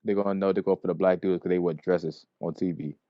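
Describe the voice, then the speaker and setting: A man in a casual group chat on a voice call, joking loudly and cursing. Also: low-pitched, steady tone, fast, dry recording, lo-fi sound. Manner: loud joking banter with cursing and slang. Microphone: online voice call.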